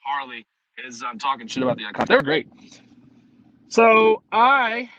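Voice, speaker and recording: Bright, animated New York streamer guy. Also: medium pitch, moderate pace, highs cut off. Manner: rambling and profane, jumping between topics. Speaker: streamer host. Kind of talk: casual live-stream chat.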